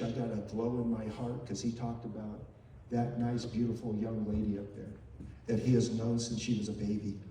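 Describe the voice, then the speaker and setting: At a memorial tribute, an older man with a medium-pitched, dark-toned voice shares emotional, heartfelt stories and repeats phrases. There's slight background noise, and his voice comes from far off in a very echoey hall.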